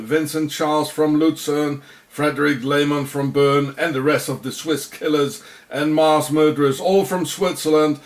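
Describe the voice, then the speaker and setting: A South African man with a mid-range voice works as a video narrator, giving rambling commentary over on-screen footage. He's sarcastic and often repeats and restarts his words.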